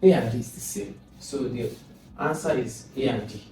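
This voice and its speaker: A man's voice: medium pitch, moderate pace, dark tone. A man with a Nigerian English accent tutoring for an exam, thinking aloud and repeating sounds over and over. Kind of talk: informal exam lesson. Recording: echoey room, far from mic, music behind.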